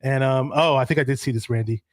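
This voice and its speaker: A man hosting a sports talk show, chatting in a relaxed way and reading out viewer comments. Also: mid-range voice, fast talker, no room sound, studio quality. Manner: relaxed, many ums and restarts. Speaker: podcast host.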